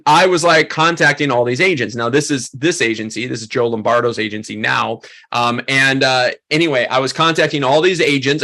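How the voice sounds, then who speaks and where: A man in his thirties teaches a photography workshop in a casual, storytelling way. His voice sits a little high and sounds bright and forward. He fills his talk with "um" and "like" and jumps into quoted voices as he goes. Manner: animated, acts out quoted voices, many fillers.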